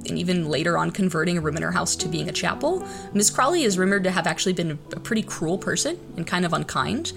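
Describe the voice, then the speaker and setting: A woman's voice: fairly low pitch, expressive, fast talker, gravelly, hardly any pauses, music in the background. A young woman co-hosting a podcast, telling a story in a casual chatty way, full of "like" fillers.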